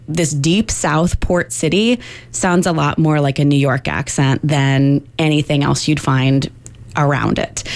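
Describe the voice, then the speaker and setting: A woman's voice: sits low, dry recording. A woman linguist in her thirties explaining in an interview, articulate and teacherly with some fillers.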